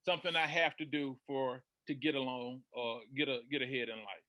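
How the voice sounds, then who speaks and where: A man on a panel posing a thoughtful question, halting with uhs. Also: medium pitch, fairly even intonation, bright, forceful tone. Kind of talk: casual panel discussion.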